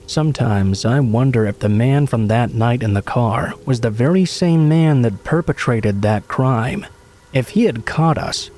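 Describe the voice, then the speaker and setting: Mellow-voiced man narrating horror stories. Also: mid-range voice. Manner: steady, measured storytelling. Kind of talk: scripted narration of true scary stories.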